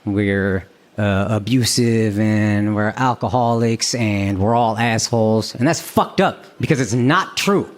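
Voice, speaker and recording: A man's voice: lowish voice, a little slow. An American man in his thirties from Texas doing brash, profane stand-up comedy with crowd work, recorded live on stage.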